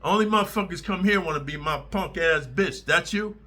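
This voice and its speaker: A man's voice: a little high, a little fast, bright, forceful tone, pitched above the performer's own voice. A man quoting a swaggering prison gang boss. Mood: menacing. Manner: threatening, swaggering. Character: menacing, boastful male prison gang boss.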